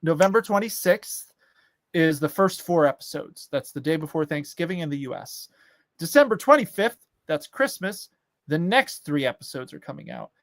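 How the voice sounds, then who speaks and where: A man's voice: a little high, big pitch swings, moderate pace, no room sound. A man co-hosting a casual show, rambling and ranting, full of fillers. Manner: ranting, exasperated. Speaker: podcast co-host. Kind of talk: casual chat.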